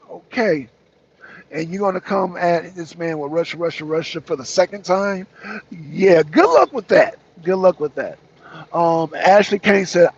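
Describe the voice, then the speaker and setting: A man's voice: high-pitched, slightly rough, muffled recording. A man co-hosting a talk show, giving heated political commentary in an emphatic, repetitive way with mocking asides. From United States.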